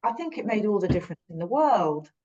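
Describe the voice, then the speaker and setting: British woman, earnest, rambling, self-correcting, mid-pitched voice, dull lo-fi sound. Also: big pitch swings, quick pace, dark tone. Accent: British English. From Britain. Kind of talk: reflective conversational storytelling.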